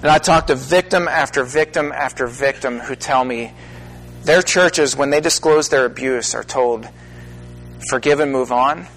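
A man's voice: medium pitch, a bit bright, slight background noise, low-quality recording. Earnest man preaching a personal testimony. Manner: earnest, halting pauses, rising to emphatic stresses. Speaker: minister. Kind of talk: personal testimony talk to an audience.

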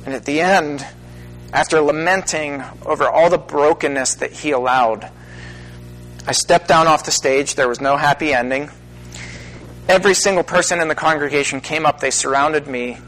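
A middle-aged minister speaking earnestly to an audience, with halting pauses that build into emphatic stresses. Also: male voice, on the high side, a bit bright, slight background noise, rough recording. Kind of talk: personal testimony talk to an audience.

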